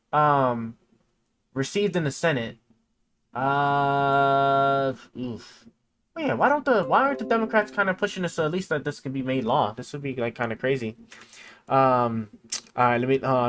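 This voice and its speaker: A man streaming casually, rambling and stammering with many fillers as he reads and thinks aloud, dropping quieter while he reads and perking up again. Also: mid-range voice, smooth. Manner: drifts quieter when reading to himself, then perks up.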